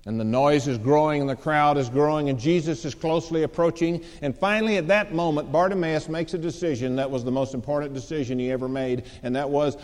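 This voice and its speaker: A man's voice: a little high, fairly even intonation, a little fast, few pauses. A man preaching a sermon, telling a story dramatically and acting out the voices of its people. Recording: long hall reverb.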